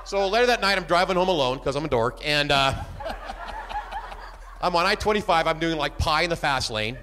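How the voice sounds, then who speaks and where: A man doing a stand-up comedy set, animated and jumping into shouted bits. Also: fairly high pitch, fairly quick, background noise.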